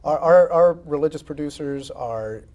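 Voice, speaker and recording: A man's voice: a little high, moderate pace, dark tone. A man on station staff speaking emphatically and admiringly, with some stammered restarts. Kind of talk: interview answers.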